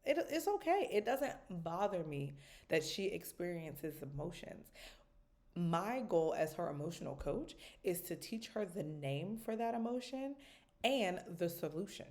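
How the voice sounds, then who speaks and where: Lively, animated mother talking to camera. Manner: animated, jumps into high voices quoting her daughter; says "right?" often. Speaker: parenting vlogger. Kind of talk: casual direct-to-camera vlog.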